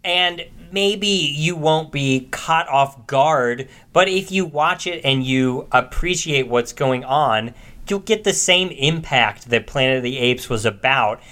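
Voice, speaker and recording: A man co-hosting a casual podcast chat, animated and profane, explaining his views at length. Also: medium pitch, slow. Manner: animated, profane, quotes movie lines with big shouts. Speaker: podcast co-host.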